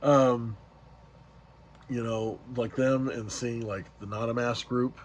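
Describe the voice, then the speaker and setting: Guy vlogging, rambly storytelling, lots of ums, mid-pitched voice. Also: steady tone, takes it slowly, slight background noise. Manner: rambling, with many fillers and restarts. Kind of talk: casual storytelling recap.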